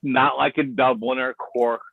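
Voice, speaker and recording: A man talking as a guest on a call, insistent and halting, repeating words as he makes his point. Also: mid-range voice, flat delivery, gravelly, husky, no room sound. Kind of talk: casual chat. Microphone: online call. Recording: tinny phone-like line.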